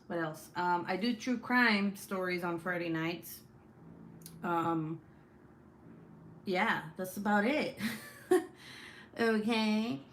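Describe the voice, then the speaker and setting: A woman's voice: fairly low pitch, slight background noise. A young woman hosting a casual craft livestream, chatting and reading comments aloud in a rambling, swearing way. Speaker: craft channel host.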